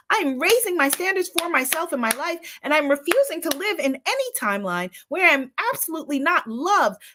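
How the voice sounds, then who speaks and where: A woman giving an uplifting spiritual talk to a live online audience. Her voice is high and very animated, leaping up and down in pitch. She talks with enthusiasm, breaks into laughter and repeats affirmations for emphasis. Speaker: spiritual host. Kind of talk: inspirational live-stream talk.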